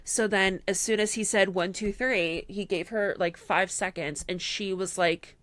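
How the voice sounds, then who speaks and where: A woman's voice: medium pitch, unhurried. A woman in her twenties co-hosting a podcast, chatting casually and acting out quotes as she tells a story. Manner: animated storyteller who acts out quotes. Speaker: podcast co-host. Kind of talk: casual chat.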